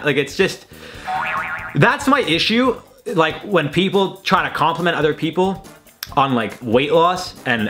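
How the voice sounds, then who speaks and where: Lively, rambling young man reacting to tweets. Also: fairly high pitch. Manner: chatty, swearing, rambling with lots of likes. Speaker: host. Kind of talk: casual reaction commentary.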